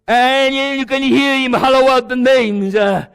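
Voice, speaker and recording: A South African man preaches to his congregation with fervour, his voice set very high and roughened by gravel. He hammers on repeated words and swings from near-whispers to shouts. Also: a little slow. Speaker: pastor. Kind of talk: sermon. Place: church before a congregation.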